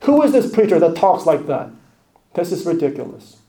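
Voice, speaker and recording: High-voiced preacher in an echoey room. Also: male voice, sing-song, normal speed. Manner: emphatic, rising and dropping to hushed asides. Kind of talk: sermon.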